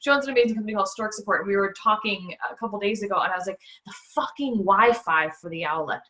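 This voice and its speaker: Bright-voiced casual podcast host. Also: female voice, medium pitch. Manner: chatty, swears casually, quick asides.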